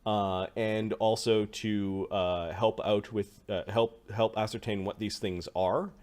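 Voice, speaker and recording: A man running a tabletop game as game master, explaining the story at a relaxed pace with many pauses and fillers. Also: lowish voice.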